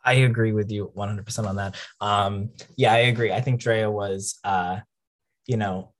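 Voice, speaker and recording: A man in his twenties, a guest on a podcast, chatting in a relaxed way. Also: fairly low pitch, normal speed. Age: 20s. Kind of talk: casual podcast chat.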